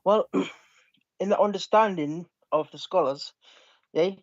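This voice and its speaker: A man calling into a live online debate, hesitant and restarting often, asking the other side to slow down. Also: high voice, no echo, dull audio. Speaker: caller in a debate.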